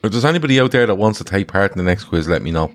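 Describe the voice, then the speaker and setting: Deep-voiced man hosting a football quiz. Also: animated, rapid-fire. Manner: jokey, swears freely. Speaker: quiz host. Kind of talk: casual podcast banter.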